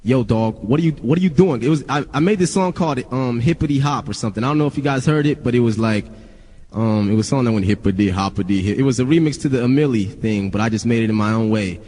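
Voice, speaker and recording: A man's voice: medium pitch, quick pace, darkish tone, in a large hall. A young man, a rapper, telling stories casually to friends, swearing often and rambling with many restarts.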